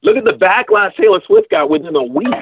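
Heard through a dry, tinny, phone-like line with a little hiss or hum, this man co-hosts a podcast in loose, rambling conversation full of fillers and false starts. His voice sits high and is expressive and brisk.

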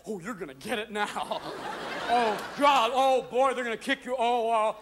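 A giddy, gloating family dog, as a man puts it on yaps about someone getting in trouble. The voice sits high and bouncy over a loud live audience. It sounds thrilled and nosy. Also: moderate pace, crowd noise, background noise. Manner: giddy, tattling. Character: gloating excited male pet dog.

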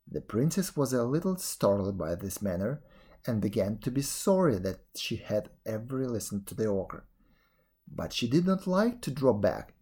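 A man reading a fairy tale aloud, expressive storytelling with a few slips. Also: medium pitch, husky. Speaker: reader.

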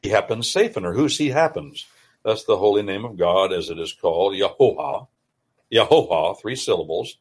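A man's voice: lowish voice, lively intonation, a little fast, husky. A male radio host reading and explaining scripture in a folksy, emphatic, preacher-like way. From United States.

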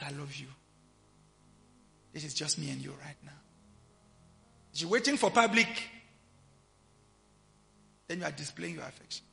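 A man preaching a sermon, swinging from quiet, intimate asides to loud shouting. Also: on the high side, gravelly. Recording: long hall reverb, faint music behind.

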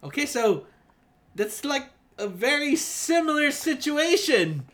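A man co-hosting a podcast in a casual, heated debate, animated and profane, laughing often. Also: very high-pitched, slow pace. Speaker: podcast co-host.

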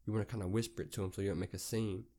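Young southern dude ranting, low voice, swears a lot, rambles on. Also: male voice, fairly even intonation, very fast, mellow. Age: young adult. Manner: profane, rambling storytelling. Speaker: podcast host. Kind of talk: casual rant.

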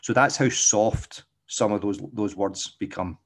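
A man's voice: fairly low pitch, measured pace. A middle-aged Glaswegian man and dog trainer, talking in a casual, rambling monologue and often checking in with "okay?". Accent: Glaswegian Scottish. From Scotland.

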